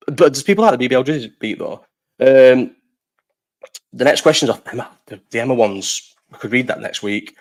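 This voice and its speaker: A young man, hosting a casual live-stream chat, swearing freely and often trailing off mid-sentence. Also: mid-range voice. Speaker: host.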